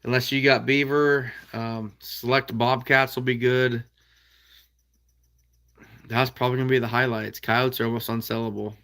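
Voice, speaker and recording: A man's voice: medium pitch, little pitch movement, normal speed, a bit bright. A man with an American Midwest accent hosting a casual livestream, reading out viewer comments in an easygoing, folksy way with frequent chuckles. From Iowa.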